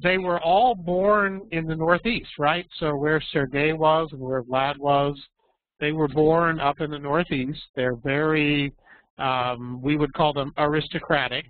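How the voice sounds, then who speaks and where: A man teaching an online English class, his voice a touch high for a man and squeezed into thin, phone-like audio. He explains patiently, keeps checking that the students follow, and comes through a tinny video-call line. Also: steady tone, no room sound. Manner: patient, explaining slowly with questions.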